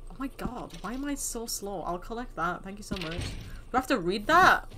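In casual gameplay commentary, a young woman YouTuber chats and mocks herself at a normal speed. Her mid-range voice is bright and forceful with lively intonation. Game noise and hooves sit over her voice, along with a little hiss or hum.

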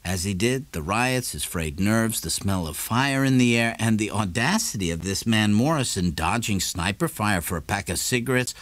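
Man narrating an audiobook, lowish voice, lots of pitch movement. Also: no echo. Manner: measured, lively storytelling. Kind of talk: scripted narration.

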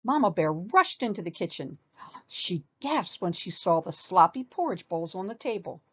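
A woman reading a children's story aloud with animated expression. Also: lowish voice, moderate pace, husky, muffled recording.

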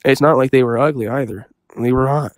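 A young man telling a comic story in a deadpan, self-serious, rambling way. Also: mid-range voice, fairly quick, no echo, studio quality. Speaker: comedy storyteller. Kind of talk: deadpan comedic story monologue.

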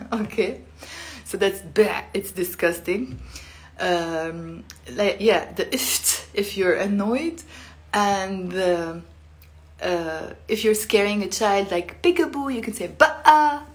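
A woman's voice: mid-range voice, takes it slowly. Chatty woman teaching with laughs. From Lebanon. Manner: chatty, laughs often, acts out sounds. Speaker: Arabic teacher. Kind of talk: casual live-stream lesson.

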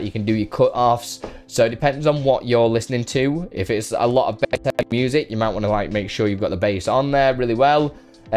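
Young male tutorial host, laid-back and chatty, mid-pitched voice, faint music behind. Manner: relaxed, chatty, many fillers and restarts. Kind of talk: casual software tutorial.

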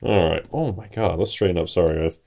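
A young man giving excitable unboxing commentary, swearing and shouting in disbelief. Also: sits low, a little fast, creaky. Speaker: card box opener.

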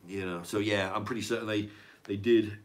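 This older livestream host has a lowish voice with a steady tone and talks fairly quickly. Reading chat comments aloud, he keeps things casual, wandering off on tangents, repeating words and cursing.

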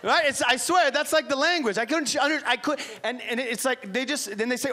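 High-voiced, profane stand-up comic man. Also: racing. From Iran. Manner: energetic, profane, crowd-teasing. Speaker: stand-up comedian, host. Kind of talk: live stand-up comedy. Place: comedy club stage. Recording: noisy club with crowd laughter.

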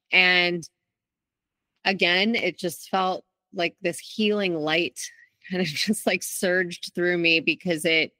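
A woman's voice: fairly low pitch, steady tone, slow, sharp tone, dry recording. A woman guest in an interview, telling her own story in a candid, reflective way with frequent restarts. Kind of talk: interview, personal account.

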